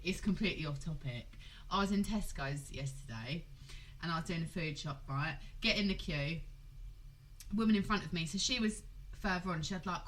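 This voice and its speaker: A woman's voice: lowish voice, poor audio. A woman in her thirties co-hosting a podcast, telling stories with a lot of swearing and laughter. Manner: animated storyteller, swears freely, laughs a lot. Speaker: podcast co-host. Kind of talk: casual chat.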